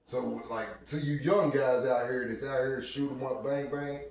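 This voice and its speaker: A man on a podcast, telling a story in casual chat and giving advice to young listeners in a relaxed way. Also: medium pitch, measured pace, a crowd in the background. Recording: echoey room, distant mic, faint noise.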